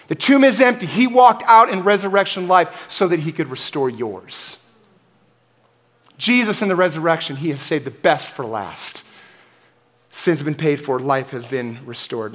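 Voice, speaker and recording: A man preaching an Easter sermon as pastor, building to forceful emphatic peaks and dropping to quiet, intimate asides. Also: a little high.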